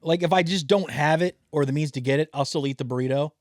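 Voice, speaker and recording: A slightly high-voiced man chatting loosely on a podcast, swearing freely and slipping into mocking voices. His sound is close and dry, with no room around it. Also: quick pace, no echo. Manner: profane, laughing, mimics voices. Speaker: podcast co-host. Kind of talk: casual chat.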